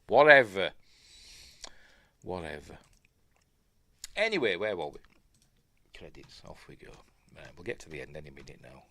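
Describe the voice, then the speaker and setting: Rambling middle-aged Yorkshire man, lively voice. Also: very deep voice, fairly quick, slightly rough, dry recording. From Yorkshire, England. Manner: rambling, muttering asides to himself, wondering aloud. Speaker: film review host. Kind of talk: casual film breakdown commentary.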